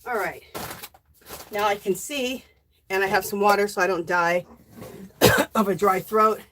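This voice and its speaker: A woman hosting a casual crafting live stream, warmly greeting viewers by name and reading their chat messages aloud. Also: medium pitch, measured pace, slight background noise. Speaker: livestream host.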